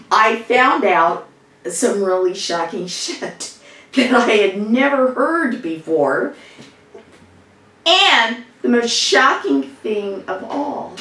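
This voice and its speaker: A woman's voice: on the high side, a bit bright, exaggerated voice. An actress improvising a woman social worker who recounts a family row in a rambling, conversational monologue. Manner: rambling, conversational storytelling with fillers. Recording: echoey room, distant mic.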